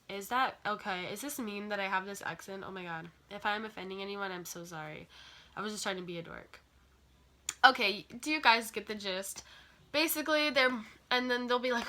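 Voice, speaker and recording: Bright-voiced rambling woman vlogger. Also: medium pitch, lively intonation, moderate pace. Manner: scattered, self-deprecating, often apologizing. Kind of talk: rambling casual monologue.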